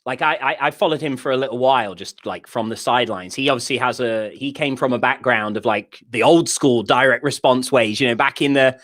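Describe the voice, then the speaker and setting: A man's voice: mid-range voice, fairly quick, hardly any pauses, a bit bright. Easygoing British man co-hosting a podcast. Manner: easygoing, hesitant, filler-heavy. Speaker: podcast co-host. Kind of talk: casual podcast chat.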